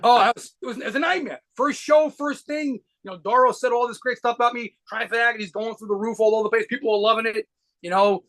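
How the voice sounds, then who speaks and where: A man telling rapid, profanity-laced stories as a guitarist being interviewed. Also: extremely high pitch, a bit bright. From United States. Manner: rapid profane anecdotes with laughs. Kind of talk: fast storytelling interview.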